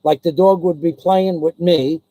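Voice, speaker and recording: A man's voice: a little high, steady tone, measured pace, warm tone, no echo, low-quality recording. A man telling a casual personal anecdote, rambling and digressive with many restarts, blunt and salty in his talk. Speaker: storyteller.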